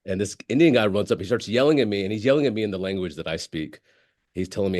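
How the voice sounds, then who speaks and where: A man's voice: on the low side, animated, fast talker, a little mellow, dry recording, clean studio sound. A man, a comedian telling stories in a casual interview, full of likes and restarts. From United States. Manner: rambling storyteller, many likes and restarts. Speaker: comedian guest.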